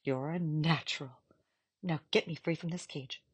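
A woman reading aloud voices a firm, kindly old grandmother who speaks in a hushed, coaxing way. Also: low voice, moderate pace, husky. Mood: brisk firm. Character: firm, warm-hearted old grandmother, caged.

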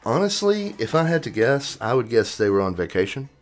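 A man's voice: mid-range voice, big pitch swings, brisk, a little hiss or hum. A young man from Texas co-hosting a podcast, telling stories in casual chat and acting out other people's lines. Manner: laughing storyteller, acts out quoted voices. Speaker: podcast co-host.

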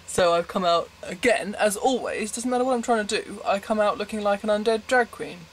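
Man, slightly high voice, casual vlog chat, rambling, self-mocking, giggly. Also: moderate pace, a bit bright, a little hiss or hum. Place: bedroom, in bed at night.

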